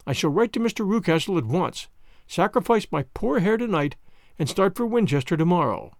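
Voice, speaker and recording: A man's voice: sits high, sing-song, brisk, no echo, clean studio sound. A man voicing an anxious young woman in a storybook reading, with earnest, polite period speech.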